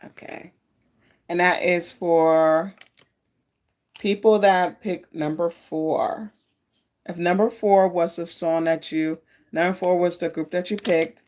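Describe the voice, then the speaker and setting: Taking it slowly, a woman with a fairly low, slightly mellow voice and fairly even intonation hosts a tarot card live stream. She's chatty and meandering, with a friendly-casual ramble, and she greets people in the chat by name.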